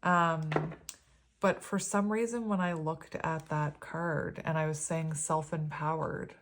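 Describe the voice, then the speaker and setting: A woman reading tarot cards for viewers, chatty and gushing, with many pauses and restarts. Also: sits low, steady tone. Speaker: tarot reader. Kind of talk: pick-a-card tarot reading.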